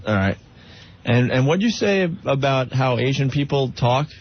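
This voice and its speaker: A man's voice: medium pitch, expressive. A man hosting a comedy radio show, chatting casually and needling his co-host. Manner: needling, quick, reads station IDs. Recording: muffled radio broadcast with music.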